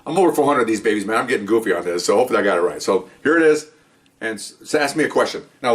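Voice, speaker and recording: A middle-aged man, a former police officer, telling his own stories in an animated monologue with sarcastic asides. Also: mid-range voice. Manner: animated, sarcastic asides, mimics people he quotes. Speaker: retired police officer, podcast host. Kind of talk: storytelling monologue.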